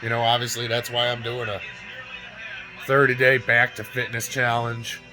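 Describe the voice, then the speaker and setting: A fitness vlogger in his forties talks at normal speed in a mid-range, monotone voice, recorded roughly with music in the background. Close to tears, he shares a painful story to camera in a raw, profane way, frequently adding "right?" and "you know?".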